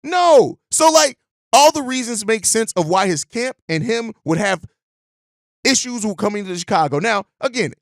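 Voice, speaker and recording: A man hosts a sports podcast, talking in a high voice and ranting bluntly with plenty of swearing. The sound is dry and close, with no room around it. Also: a bit bright, no room sound. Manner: blunt, profane, fired up. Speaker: podcast host. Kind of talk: casual sports podcast rant.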